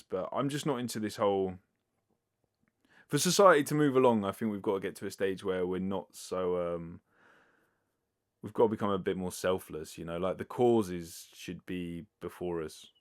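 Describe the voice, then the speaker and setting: A man hosting a casual solo podcast, answering listener questions in a rambling, filler-heavy way with casual swearing, speaking close to a sensitive mic. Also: deep voice. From United Kingdom. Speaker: podcast host. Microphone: close sensitive microphone.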